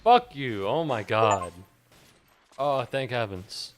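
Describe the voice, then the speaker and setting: A man streaming himself playing an action game, commenting casually, excitable, swearing and joking at the game. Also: medium pitch, takes it slowly, slight background noise.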